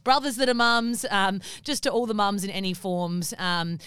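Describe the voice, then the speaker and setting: A woman's voice: mid-range voice, fairly even intonation, moderate pace, a bit bright, smooth, dry recording. A young woman co-hosting a podcast, speaking in an earnest, playful way. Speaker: podcast co-host. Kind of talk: casual chat.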